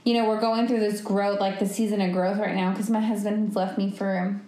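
A woman's voice: medium pitch, level tone, brisk, warm tone. A young woman co-hosting a podcast, chatting casually, laughing often and acting out what people said. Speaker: podcast co-host. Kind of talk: casual chat. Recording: echoey room.

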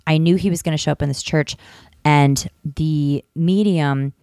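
A woman casually telling a long personal story on a podcast, rambling and animated, swearing freely. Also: deep voice, measured pace, dry recording, studio quality.

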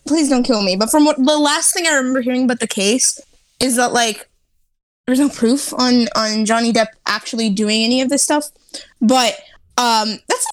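A woman's voice: a little high, normal speed, no room sound. A woman co-hosting a podcast, chatting casually with self-deprecating jokes. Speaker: podcast co-host. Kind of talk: casual chat.

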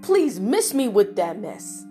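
A young woman hosting a podcast, talking straight to her listeners in an animated way and laughing often. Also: mid-range voice, slow, soft background music. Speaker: podcast host. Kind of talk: casual opinion monologue.

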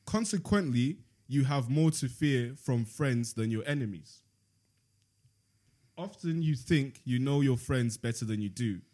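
A man's voice: medium pitch, animated, warm tone. A man hosting a casual chat, reading passages aloud and debating them with friends. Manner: playful, laughs often, reads in a measured voice. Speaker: podcast host reading from a book.

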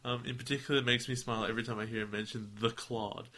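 A man co-hosts a relaxed podcast and reads out a long listener email. His voice sits at an ordinary pitch and sounds very bright and forward. He stumbles into silly accents and keeps laughing. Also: racing. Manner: reads aloud, slips into put-on accents, laughs often. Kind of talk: casual podcast chat.

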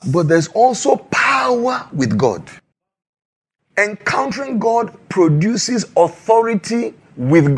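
A male preacher delivers a dramatic sermon, acting out pleading prayers and God's answers. His voice sits high and a little husky, and it swings widely in pitch. He takes his time, stretching out phrases slowly.

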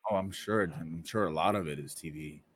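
A man in a casual chat, thinking out loud and asking questions. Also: sits low, a little fast, breathy edge, no room sound.

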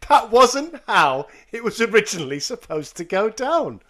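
An animated man co-hosts a casual music podcast, his voice sitting a little high and swooping widely. He laughs often and drops sarcastic asides into the quotes he reads aloud. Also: measured pace. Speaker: podcast co-host.

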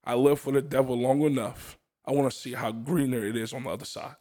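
A young man shares his personal testimony in a casual chat, telling it earnestly with frequent laughs and restarts. His mid-range voice is warm, fairly even in intonation, and quick.

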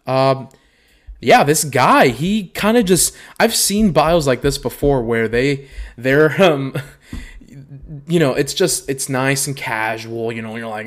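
A man's voice: medium pitch, moderate pace. A young man hosting a podcast, reading dating bios aloud and riffing on them with profanity and frequent laughter. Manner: profane, animated, laughs a lot. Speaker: podcast host. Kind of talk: casual comedic commentary.

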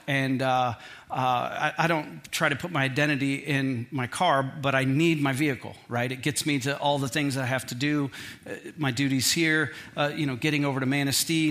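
A middle-aged male pastor preaching a sermon, telling a personal story in an animated, self-deprecating, humorous way. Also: mid-range voice.

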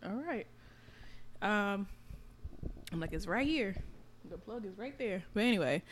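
A young adult woman in casual podcast chat, telling stories in an animated, profane way. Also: mid-range voice, slow pace, pauses often, a little hiss or hum. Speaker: podcast co-host.

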